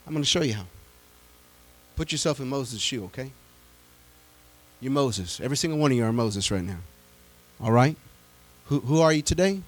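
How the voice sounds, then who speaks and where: A man preaching a sermon, retelling a Bible story in a lively storytelling way and acting out its characters, building up to shouted praise. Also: mid-range voice, a little fast, long pauses. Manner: animated storytelling, acts out the people in the story, rises to a shout.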